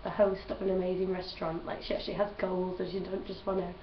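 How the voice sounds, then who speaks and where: Fairly low in pitch and quick, this young vlogger's voice is flat in delivery even as she gushes, chats and laughs often in a casual conversation. Slight background noise sits in a roomy, distant, dull home recording.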